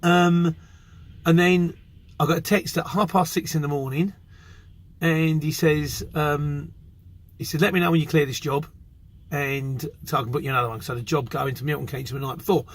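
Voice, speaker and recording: A man's voice: fairly high pitch, fairly even intonation, moderate pace. A middle-aged English man with an English accent, a courier driver telling a rambling story in a casual vlog.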